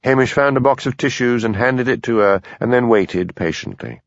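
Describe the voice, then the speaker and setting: A male audiobook narrator with a very lively, expressive pitch. His reading is animated and clear. The sound is dry and slightly dull, like a lo-fi recording. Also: normal speed, dry recording.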